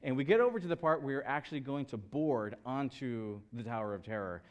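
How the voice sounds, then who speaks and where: Animated storytelling male pastor. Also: medium pitch, a little fast, muffled recording. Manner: storytelling, animated voices for quoted people. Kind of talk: sermon.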